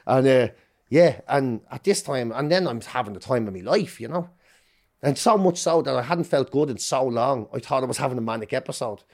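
A middle-aged Irish man talking as a podcast guest, telling his story candidly in a fast, swearing, self-interrupting way. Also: mid-range voice, lively intonation, a little mellow. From Ireland.

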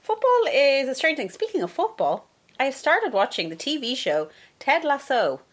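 A young woman with an Irish accent chatting casually, frank and quick to swear. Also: high-pitched, big pitch swings. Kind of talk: casual chat.

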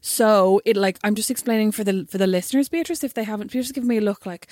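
A woman's voice: medium pitch, fast, few pauses, a little mellow, dry recording, studio quality. A woman co-hosting a podcast, chatting casually in a blunt, teasing way. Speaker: podcast co-host. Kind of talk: casual chat.

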